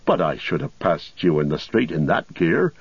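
A man voicing a gruff, eager older male hobbit farmer who talks in blunt, rustic exclamations. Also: low-pitched, very animated, normal speed, no room sound, exaggerated voice. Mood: hearty. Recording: dull lo-fi recording.

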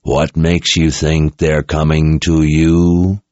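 A man voicing a threatening male emperor who speaks through a possessed young soldier, in a deep, gravelly voice. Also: level tone, a little mellow, no echo. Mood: menacing. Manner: slow, threatening, enraged at times. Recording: dull lo-fi recording.

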